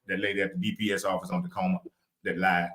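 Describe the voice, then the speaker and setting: A man's voice: sits low, flat delivery, quick pace, fairly bright tone, rough recording. A man with a Southern US accent co-hosting a live podcast, talking in a repetitive, preacher-like cadence. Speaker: podcast co-host.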